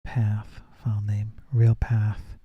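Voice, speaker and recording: A man live-streams while coding, thinking aloud, reading chat, trailing off and restarting often in casual talk with viewers. His lowish voice is monotone, slow and slightly rough, and he says it turns nasal when he projects. The recording is dry and lo-fi.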